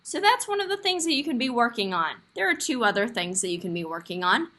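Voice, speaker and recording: A woman teacher leading a young class over a video call, encouraging and expressive as she reads a story aloud. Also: fairly high pitch, fast. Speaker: kindergarten teacher. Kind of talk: online class lesson.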